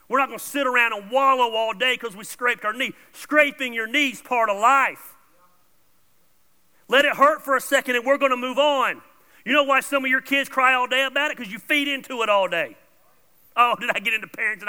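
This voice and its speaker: A man preaching a sermon as pastor, blunt and informal, swinging between loud emphatic bursts and soft asides. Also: very high-pitched, animated, normal speed, long pauses. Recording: long reverb of a large hall.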